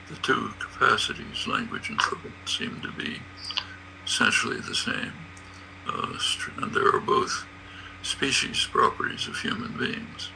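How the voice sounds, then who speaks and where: Gravelly, deep-voiced older man lecturing. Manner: slow, deliberate, halting phrasing. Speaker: linguist answering at a panel. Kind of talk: spoken lecture. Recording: low-fi recording with steady hum.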